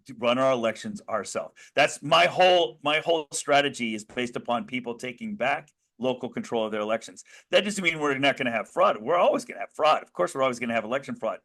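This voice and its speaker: An American man talking as an interview guest at a mid pitch. He tells his story with earnest energy, stopping and restarting mid-sentence as he works up to a point. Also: expressive, fairly quick, a bit bright. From United States. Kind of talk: conversational interview.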